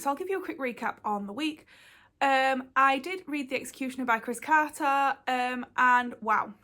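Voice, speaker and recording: Book vlogger, female, slightly high voice, loose chatty rambling delivery. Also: fairly bright tone. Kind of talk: casual vlog chat.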